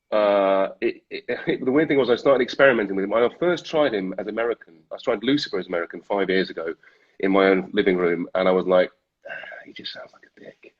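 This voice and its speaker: A British man, an actor, chatting in an interview, self-deprecating and quick to laugh. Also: fairly low pitch, slightly rough. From Britain. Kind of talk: casual interview chat. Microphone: video call. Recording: dull lo-fi livestream audio.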